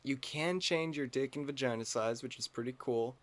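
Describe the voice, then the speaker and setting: A man's voice: medium pitch, moderate pace, crowd noise. A man co-hosting a podcast in casual, joking chat, riffing and laughing often. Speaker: podcast co-host.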